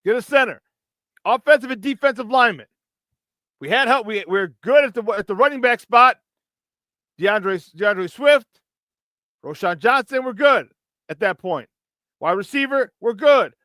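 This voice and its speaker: A man's voice: very high voice, a little slow, long pauses, a bit bright, no room sound. A man hosting sports talk radio, ranting in frustration, swearing and mocking others in put-on voices. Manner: frustrated, profane, mocking impressions. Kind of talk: heated sports talk rant.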